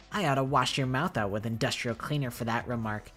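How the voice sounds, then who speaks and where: A woman's voice: very deep voice, normal speed, soft background music. A woman voicing a snobbish rich teenage girl with a haughty valley girl drawl, reading game dialogue.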